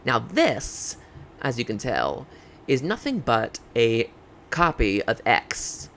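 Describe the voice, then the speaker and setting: A man's voice: medium pitch, very animated, takes it slowly, gravelly, fairly bright tone. Campy guy rambling over his game footage, voice bouncing all over, faint hiss behind. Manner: campy, chatty, drag slang; rambling with fillers and self-checks. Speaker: game video creator. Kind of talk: casual gameplay commentary.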